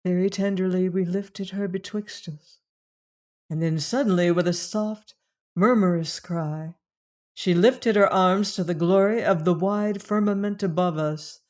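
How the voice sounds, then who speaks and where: A man narrating a classic novel in a measured, solemn reading voice. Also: high-pitched, darkish tone. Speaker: audiobook narrator.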